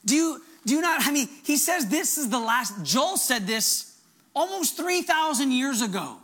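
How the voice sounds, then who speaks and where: A male pastor preaching a fervent, animated sermon. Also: extremely high pitch, moderate pace.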